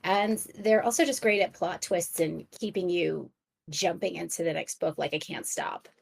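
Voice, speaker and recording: A woman author chatting as a podcast guest, enthusiastic and quick to laugh, often restarting her sentences. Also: on the low side, gravelly, breathy edge. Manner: frequent restarts and stammers. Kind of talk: casual podcast chat.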